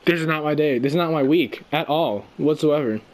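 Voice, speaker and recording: A man's voice: a little high, a little fast. Young man ranting, angry and profane. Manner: angry, profane, rambling storytelling. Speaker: friend venting. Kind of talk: casual rant on a call.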